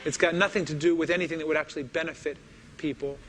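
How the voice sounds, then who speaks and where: A man's voice: on the high side, fairly even intonation, quick pace, fairly bright tone, slight background noise. A man interviewed for a documentary, arguing in an emphatic way. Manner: emphatic, argumentative.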